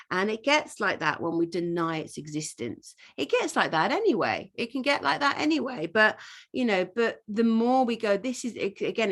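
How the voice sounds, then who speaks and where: A woman with a medium-pitched voice leads an informal masterclass as a life coach. She talks earnestly and rambles, with lots of fillers, restarts and the occasional swear word.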